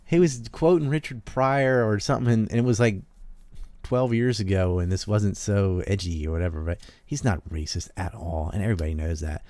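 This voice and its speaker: Low-voiced Southern-raised man rambling. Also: fairly quick, warm tone, no echo. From American South. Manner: rambling, trails off and restarts, laughs often. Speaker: podcast host. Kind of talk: casual political chat.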